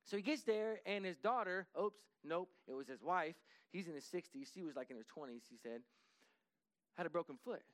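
A man with a notably high voice tells a story in a lively, conversational way at a moderate pace, often restarting and repeating himself. He acts out dialogue, dropping to a hushed voice when quoting others. The recording is close and dry, with no echo or room sound.

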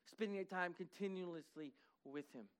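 At a moderate pace, a male pastor with a notably high voice gives a sermon in a church sanctuary. He is earnest and conversational, growing more intense as he presses the congregation forward.

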